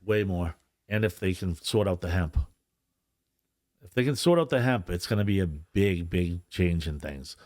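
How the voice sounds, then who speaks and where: A man's voice: low-pitched, normal speed, a little mellow, no room sound, studio quality. A man, a guest on a podcast, chatting casually about union work in a rambling way, swearing freely and restarting his sentences often. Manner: rambling, profane, frequent restarts. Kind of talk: casual chat.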